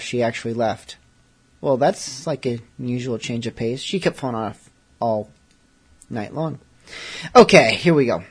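A man's voice: mid-range voice, darkish tone, husky. A man hosting a late-night radio show, talking casually with rambling, self-deprecating asides. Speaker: host.

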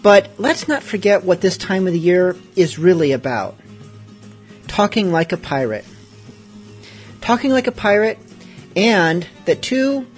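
Male radio host, wry casual patter, fairly high voice, faint guitar music behind. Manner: dry, wry and joking.

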